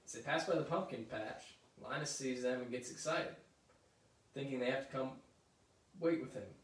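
A man reading a children's picture book aloud, with lively, chatty asides between passages. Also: mid-range voice, normal speed. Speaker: story reader. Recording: roomy echo, mic at a distance.

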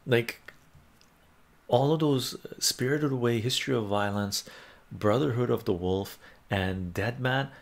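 A man's voice: lowish voice, vocal fry. A man hosting a casual livestream about movies, reading viewers' chat aloud and answering them with lots of fillers. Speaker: livestream host.

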